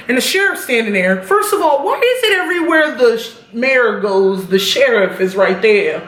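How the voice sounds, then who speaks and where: A woman's voice: on the high side, sing-song, moderate pace, few pauses, a bit bright, a little hiss or hum. Chatty swearing woman in an echoey room. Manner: chatty and blunt, swears freely. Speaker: TV episode reviewer. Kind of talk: casual episode recap.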